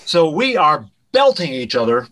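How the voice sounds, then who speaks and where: A man, a director and writer, telling an animated anecdote as a guest in an interview, dropping his voice at punchlines. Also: fairly high pitch, normal speed, rough recording. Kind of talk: storytelling in a podcast interview.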